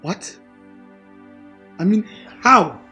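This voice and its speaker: A man's voice: high-pitched, expressive, drawn-out words, bright, forceful tone, slightly rough, soft background music, full character voice. A man playing a stern palace guard who gives curt instructions. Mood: puzzled.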